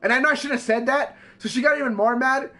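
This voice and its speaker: A man's voice: very high voice, fairly even intonation, quick pace, bright, forceful tone. A man streaming from home, telling a profane, heated story in a casual way.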